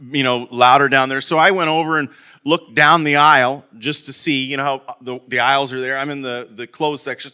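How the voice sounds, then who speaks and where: A man's voice: a little high, bright, forceful tone. A man casually telling a personal story to his viewers, rambling with lots of restarts and stock fillers. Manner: rambling, repeats "okay, in there" and "and whatnot"; self-deprecating humour, restarts and stammers. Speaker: vlogger.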